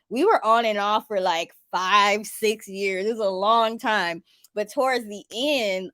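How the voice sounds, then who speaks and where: A woman's voice: medium pitch, no echo. Chatty woman vlogger, dry sound. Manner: chatty, animated, lots of "like" and "um". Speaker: spiritual vlogger. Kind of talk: casual storytelling.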